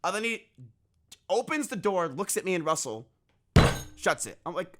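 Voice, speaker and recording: Streaming and chatting casually, a young man recounts a story at a moderate pace in a voice that sits high. He swears freely and animatedly acts out other people's quotes.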